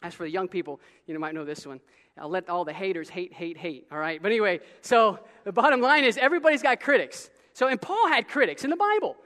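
A pastor preaches to his congregation, animated and conversational, often breaking off to restart a sentence or throw in a casual aside. His voice carries the long, ringing reverb of a large church hall. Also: high-pitched, fast talker. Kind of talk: sermon. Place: church sanctuary.

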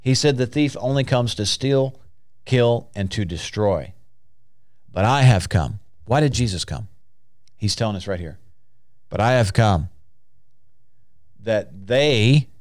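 A male preacher delivers a sermon at an unhurried, deliberate pace. He asks his listeners questions and answers them, building to emphatic peaks. The sound is dry, close and free of room echo. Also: lowish voice, a little mellow. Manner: call-and-response preaching, rising to emphatic peaks.

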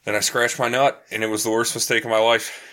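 A young man hosting a casual comedy podcast, telling crude stories with deadpan asides. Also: mid-range voice, quick pace. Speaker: podcast host.

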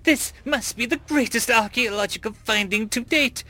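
A man's voice: very high voice, moderate pace, pushed and bright, pitched above the performer's own voice, heavily acted. A man voicing an older male alien archaeologist who mentors a student, speaking sternly. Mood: urgent.

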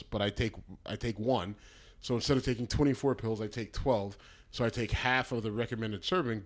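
A man co-hosting a casual talk podcast, blunt and profane, rambling through his points with lots of restarts. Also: medium pitch. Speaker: podcast co-host. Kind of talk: casual banter.

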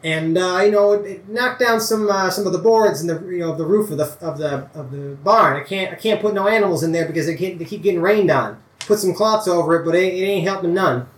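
A game master puts on an older farmer with a bad leg, poor and humble, who speaks in a halting rural drawl. His voice sits a bit higher than the narrator's own, and the room echoes. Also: natural voice. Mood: pleading. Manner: folksy rural grammar, hesitant, repeats words.

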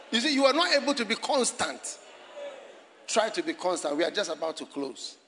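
A man preaching a sermon in a church, animated and often shouting and laughing as he addresses the congregation and online viewers. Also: high voice, moderate pace. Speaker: pastor.

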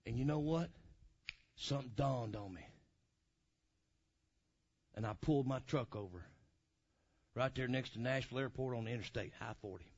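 A man telling a testimony in a sermon, swinging from loud hollering to low, quiet asides. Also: normal speed, pauses often, husky. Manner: animated storyteller, swings from hollering to low murmurs. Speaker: preacher. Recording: dull lo-fi recording.

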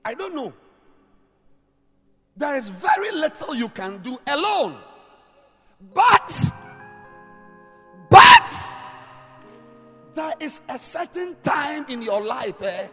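A man preaching a sermon as a pastor. He talks emphatically in a sing-song cadence and swings from shouts down to near-murmurs. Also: very high-pitched, huge pitch swings, slow pace, pauses often. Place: church hall. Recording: long hall reverb with faint music.

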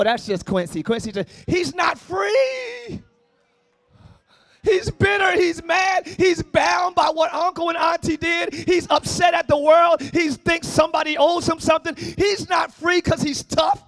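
Black pastor guy preaching loud, real high voice, dry close sound, shouts and sings his lines. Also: gravelly, no room sound. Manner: shouting, sing-song preaching with call-and-response. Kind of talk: sermon. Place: church service, before a congregation.

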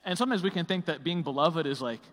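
A man with a fairly high voice delivering a sermon. He talks loosely and conversationally, with frequent fillers and restarts. His words ring out with a long reverb through a large church. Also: fast talker, fairly bright tone. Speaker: preacher.

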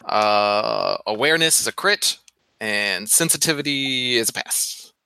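A man playing a tabletop game, joking and lively as he describes his character's moves. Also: mid-range voice, a little slow, clean tone, dry recording. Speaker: player.

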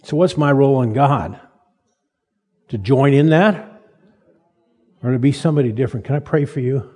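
A man in his seventies preaching a sermon in a folksy, halting way, repeating words as he tells stories. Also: medium pitch, a little mellow, husky. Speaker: pastor. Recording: long reverb of a large hall.

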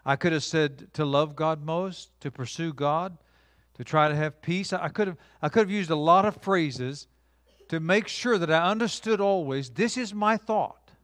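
A man preaching a sermon with emphatic delivery, swinging from loud declarations to quiet, hushed lines, and drawing the congregation into call-and-response. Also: fairly high pitch, moderate pace, no echo. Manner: emphatic preaching with dramatic shifts between loud and soft; engages audience with call-and-response. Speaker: pastor.

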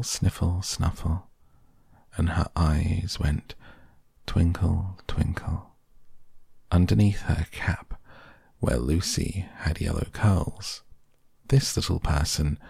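A man reading a children's storybook aloud as the narrator, gently and with soft hushed asides. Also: low-pitched, creaky, husky, no room sound, studio quality.

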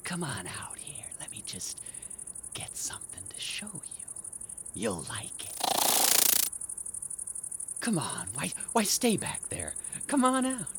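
A man's voice: sits high, wildly swooping pitch, a little slow, background noise, exaggerated voice. A man playing a paranoid, sleepless tenant. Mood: menacing whisper. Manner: swings between muttering and yelling. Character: sleepless, paranoid man obsessed with noises in the walls. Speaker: actor in a one-man radio play. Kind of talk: audio drama monologue.

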